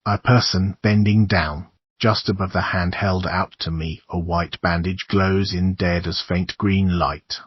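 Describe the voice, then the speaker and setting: A man reading a horror audiobook in a measured, somber narration. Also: sits low, fairly even intonation, breathy edge, no room sound, lo-fi sound.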